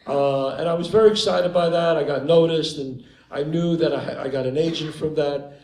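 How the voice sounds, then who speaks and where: On stage before a crowd, the guest actor, an older Bronx native with a New York accent, tells his story at a moderate pace, playing out each character with animated flair. His voice sits slightly high for a man and rings through the roomy live venue.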